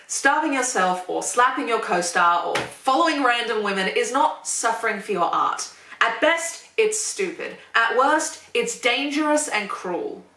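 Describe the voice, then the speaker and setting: A woman YouTuber delivering a sarcastic opinion monologue, sardonic and swearing, with deadpan asides. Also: mid-range voice. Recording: echoey room, distant mic.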